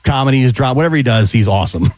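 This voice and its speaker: A man co-hosting a casual radio show, upbeat with quick remarks. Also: mid-range voice, animated, darkish tone, no echo. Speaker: radio co-host.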